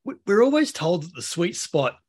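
A man with a fairly high, husky voice co-hosts a rugby podcast. He talks in an easygoing, self-deprecating way and readily agrees with the others. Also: very animated, normal speed, darkish tone. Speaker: podcast co-host, rugby expert. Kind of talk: casual podcast chat.

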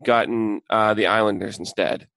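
Relaxed man in a dry booth. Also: fairly low pitch, normal speed, vocal fry, no echo. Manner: hesitant, loose, full of fillers. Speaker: sports podcast co-host. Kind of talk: casual sports chat.

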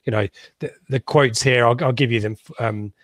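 A man talking football as a fan pundit in casual radio chat, dry and sarcastic, often pausing to restart his sentences. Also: mid-range voice, steady tone, no echo.

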